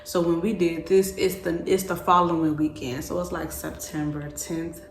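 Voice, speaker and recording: Woman in her twenties, vlog storyteller, lively slangy delivery, somewhat low voice, echoey room. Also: moderate pace, vocal fry, a little hiss or hum. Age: 20s. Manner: animated, slangy, repeating phrases. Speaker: vlogger. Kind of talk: casual storytelling. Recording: echoey room with faint ambience.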